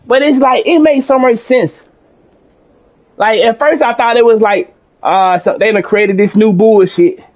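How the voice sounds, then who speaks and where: A man streaming games, talking in a calm, rambling, self-reflective way, with many restarts and some casual swearing. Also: high-pitched, a little slow. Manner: casual speech with mild swearing. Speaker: gaming streamer.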